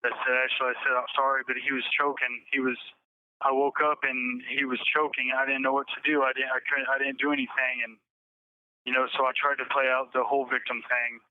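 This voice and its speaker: A man tells his story over a tinny phone line, his voice smooth and clear but held to a flat, even tone. He talks haltingly, restarting and repeating his words as he confesses. The sound is dry and thin. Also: mid-range voice, no echo. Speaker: interviewee, incarcerated man. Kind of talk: emotional personal account.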